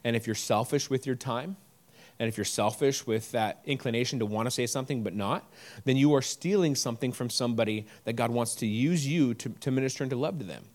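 A male pastor delivers a sermon in an easy, conversational voice. He tells a personal story, gets animated in places and often restarts his sentences. His pitch sits in the middle range for a man. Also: a little fast. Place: church service.

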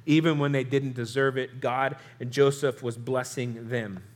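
A man's voice: medium pitch, steady tone, normal speed. A young man preaching a Bible sermon as a pastor, conversational, with restarts and rhetorical questions.

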